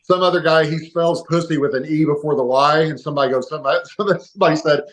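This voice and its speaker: Male podcast co-host, slightly high voice, loose crude banter, roomy echo. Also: quick pace, a bit bright. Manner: rambling, crude, laughing often.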